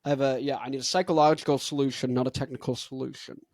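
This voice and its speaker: A young man with a stuffed-up nose hosts a show, chatting loosely about singing technique and rambling with many "like" fillers. His medium-pitched voice is fast, fairly even in intonation and a little mellow, with no echo.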